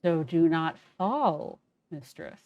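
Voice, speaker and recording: A woman voicing a formal, deadpan robot servant that speaks in a stiff, cautious, dutiful way. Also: deep voice, takes it slowly, creaky, no echo, lo-fi sound, full character voice.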